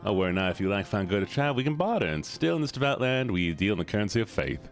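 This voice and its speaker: A man's voice: fairly low pitch, sing-song, fast talker, gravelly. A man voicing an old bug pilgrim merchant with a put-on Southern US drawl, reading game dialogue aloud. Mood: coaxing.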